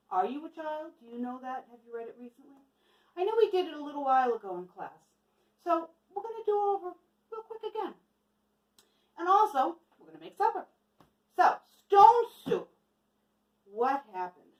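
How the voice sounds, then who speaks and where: Lively high-voiced woman storyteller. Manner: lively, asks the listeners questions. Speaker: storyteller for a church children's message. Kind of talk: casual storytelling with a cooking demo. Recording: echoey room from a distance.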